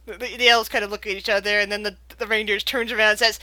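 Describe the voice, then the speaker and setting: A woman narrating as game master of a tabletop game, halting and often repeating words. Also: medium pitch, little pitch movement, pushed and bright, no echo, rough recording.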